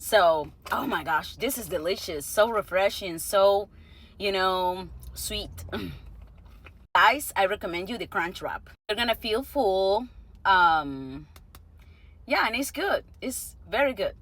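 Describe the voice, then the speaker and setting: A woman reviewing fast food in a casual vlog, chatting between bites and murmuring softly as she tastes. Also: medium pitch, animated. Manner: unhurried and chatty, with soft murmurs while tasting.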